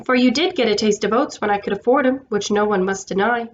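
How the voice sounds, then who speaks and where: A woman voicing a gruff working-class cab driver in a storybook reading, blustering and indignant. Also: medium pitch, fast talker, highs cut off, slight background noise, lightly acted. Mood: defensive.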